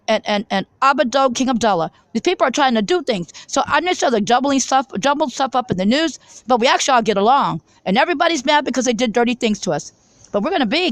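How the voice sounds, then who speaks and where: A woman with a high voice rushes through a rambling monologue to her viewers. She is fervent and keeps restarting and repeating words. The recording is dry with almost no room sound. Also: no room sound, poor audio. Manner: fervent, repetitive, many restarts and stammered repeats. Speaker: vlogger. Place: coffee shop.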